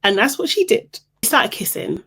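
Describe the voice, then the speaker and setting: A woman's voice: on the high side, big pitch swings, normal speed, a bit bright, breathy edge. A young woman hosting a casual reality TV recap, sarcastic and exasperated, often laughing as she talks.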